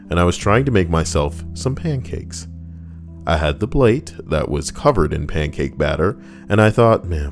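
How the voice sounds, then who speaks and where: A man reading stories aloud as a host, breaking off for sarcastic, rambling comic asides. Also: deep voice. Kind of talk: comedic reading with commentary.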